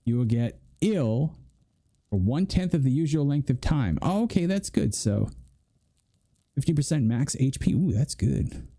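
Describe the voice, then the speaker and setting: A man with a very dark, mellow voice talks casually while playing a video game. He chats and jokes his way through the session, drifting into rambling asides. His pitch sits right in the middle for a man. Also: lively intonation, unhurried. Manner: chatty and joking, rambling asides. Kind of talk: casual gameplay commentary.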